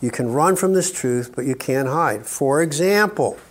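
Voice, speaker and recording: A man's voice: a little high, lively intonation, moderate pace. An older man giving a sermon-style teaching talk at a conference, speaking emphatically, with joking asides and frequent "okay?" checks to his audience.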